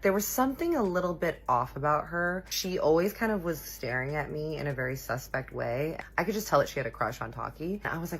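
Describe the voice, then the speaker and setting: Husky-voiced woman telling a dramatic storytime. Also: expressive, a little fast, few pauses, a bit bright. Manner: candid and dramatic, acts out quoted dialogue with big pitch jumps. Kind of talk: casual storytime monologue.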